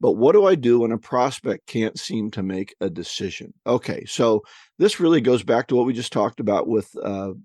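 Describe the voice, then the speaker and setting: A man's voice: mid-range voice, very animated, moderate pace, a little mellow, no echo, studio quality. A man co-hosting a podcast, reading listener questions and answering in a casual, conversational way, often repeating words as he thinks.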